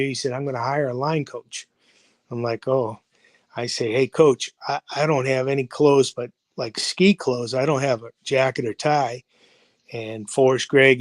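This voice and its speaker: A man's voice: mid-range voice, no echo, rough recording. Older man rambling through old stories. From United States. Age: 70s. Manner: rambling, full of fillers and quoted dialogue. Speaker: guest, football coach. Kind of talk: anecdotal storytelling in an interview. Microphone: video call livestream.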